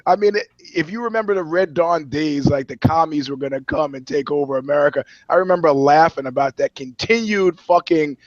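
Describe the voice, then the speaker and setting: Male journalist co-host, blunt and profane, fairly high voice, dull dry recording. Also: brisk, no room sound. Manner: blunt, swearing, storytelling. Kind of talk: profane podcast chat.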